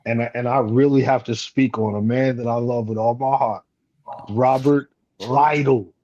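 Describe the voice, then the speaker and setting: A man's voice: medium pitch, flat delivery, brisk, warm tone, muffled recording. A man with a military background, speaking earnestly on a leadership panel and restarting words as he begins. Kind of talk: casual panel talk.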